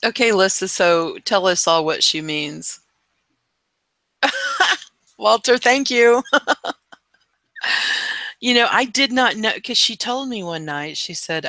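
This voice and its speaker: A woman's voice: deep voice, unhurried, pauses often, pushed and bright, no echo. A woman hosting a casual live stream chat, chatty and laughing often.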